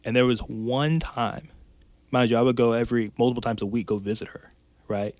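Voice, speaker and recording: A man's voice: medium pitch, steady tone, brisk, darkish tone, dry recording. Man, podcast guest, frank heartfelt storyteller, dry close sound. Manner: candid and emotional, tumbling phrases with restarts. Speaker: podcast guest, life coach. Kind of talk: personal storytelling in conversation.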